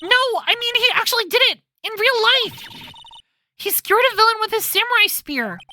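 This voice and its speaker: A woman voicing an excitable teenage girl who squeals eagerly and breathlessly. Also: very high-pitched, unhurried, slight background noise, voice pushed up, exaggerated voice. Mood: frantic.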